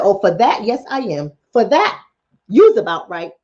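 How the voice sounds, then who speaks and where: A woman's voice: a little high, very animated, brisk, a little mellow, muffled recording. A woman hosting a mental health livestream in casual chat, blunt and profane, talking straight to her viewers. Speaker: mental health talk show host.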